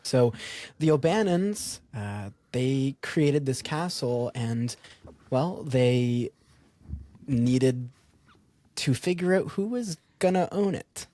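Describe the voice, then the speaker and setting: A man co-hosting a podcast talks about a castle's history in an easygoing chat, animated, laughing frequently, and using fillers such as "um." His voice is mid-range and his delivery slow.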